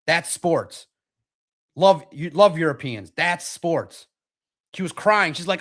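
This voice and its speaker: Hosting a live sports podcast stream, a man with a slightly high voice chats casually at a moderate pace. His talk is animated and repetitive, full of frequent restarts.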